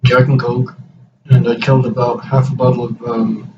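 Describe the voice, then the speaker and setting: A man's voice: mid-range voice, moderate pace. A young man in his twenties casually telling a long, profane story, with a lot of quoted back-and-forth dialogue. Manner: profane, rambling, animated retelling with quoted dialogue. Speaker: podcast host. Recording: distant mic, dull lo-fi sound with clear background hiss.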